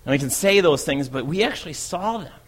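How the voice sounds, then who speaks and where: A man's voice: a little high, animated, a little fast. A man playing an eager, bold fisherman apostle in a first-person dramatic monologue, telling his story in a chatty way and often asking "right?". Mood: wondering.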